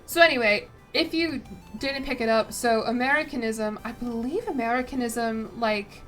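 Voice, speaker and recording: A woman with a fairly bright, somewhat high voice streams a strategy game at a moderate pace, with faint music behind her. She reads the game text aloud, stumbles over words, swears, and chats casually, saying "like" a lot in her asides.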